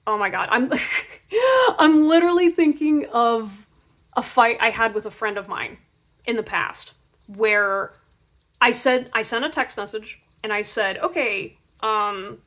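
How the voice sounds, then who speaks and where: A young woman giving a casual pick-a-card tarot reading in a chatty, animated way, full of filler words. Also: fairly high pitch.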